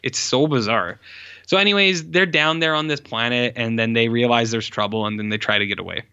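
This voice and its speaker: A man in casual podcast chat reviewing a film, rambling along with many fillers and quick self-corrections. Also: mid-range voice, bright, forceful tone, smooth, no echo, muffled recording. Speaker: podcast co-host reviewing films.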